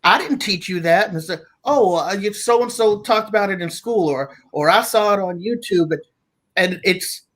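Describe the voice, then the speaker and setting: A man talking as a guest father, reflective and halting, with frequent restarts. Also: high voice. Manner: slow, thoughtful, halting with restarts. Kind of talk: reflective casual talk.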